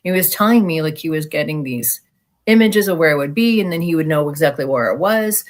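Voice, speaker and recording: A woman with a lowish voice tells her story as a guest in an easy, unscripted way. She grew up in the American Midwest and talks with frank, animated energy, acting out the voices of the people she quotes. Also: fairly quick. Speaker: guest sharing alien encounter experiences. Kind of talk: casual storytelling in conversation.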